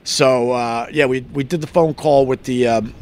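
A man's voice: mid-range voice, steady tone, normal speed, darkish tone, slight background noise. A middle-aged man hosting a live stream, telling a story in a loose, confessional way and swearing freely. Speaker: radio host on a live stream. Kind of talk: casual storytelling monologue.

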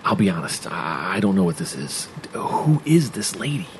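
A man's voice: low voice, big pitch swings. A hesitant young man, who stumbles and stammers over his words. His voice rises and falls a lot with his nerves. A faint noise sits behind him. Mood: uneasy. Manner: halting, stammering, uneasy. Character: nervous, hesitant young adult son.

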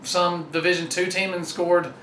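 A man's voice: high voice, level tone, normal speed, a bit bright. A man, a former college football lineman, speaking earnestly as a guest in a casual sports interview, often repeating his first words. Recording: echoey room with faint background noise.

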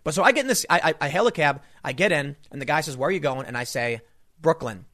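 A man's voice: fairly high pitch, very animated, fast talker, pushed and bright. A man giving an emphatic, indignant opinion monologue, telling stories with frequent restarts. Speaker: political commentator.

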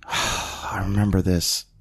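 A man with a very low voice recaps a crime movie scene on a casual podcast. He tells it with animated energy and slips into put-on voices whenever he quotes the characters. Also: slow. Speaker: podcast co-host. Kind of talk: casual movie-review chat.

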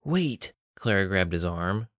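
A man narrating a novel in a measured, even storytelling voice on a close mic. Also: on the low side, clear, resonant tone, no room sound. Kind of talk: scripted audiobook narration.

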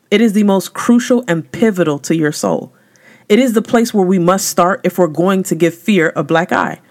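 A woman host giving a devotional talk in a casual, slangy, emphatic way, her voice rising sharply on key words. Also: darkish tone. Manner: emphatic, conversational, slangy, with sudden rises in pitch. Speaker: podcast host.

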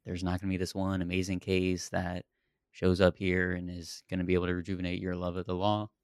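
A deep-voiced man co-hosting a podcast, talking in a loose, rambling way with easy laughs. His voice sits very low. The sound is dry and close, with no room around it. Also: a little fast, clear, resonant tone, no echo. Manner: relaxed, laughs often, rambling. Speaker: podcast co-host. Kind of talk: casual chat about a TV series.

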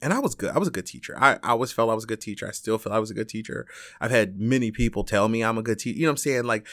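A man's voice: rapid-fire, no room sound, clean studio sound. A man from Chicago, a teacher, telling a personal story in casual talk, full of fillers, restarts and the odd swear word. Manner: rambling and animated, with frequent fillers, restarts and swearing; acts out other people's lines with big jumps in pitch.

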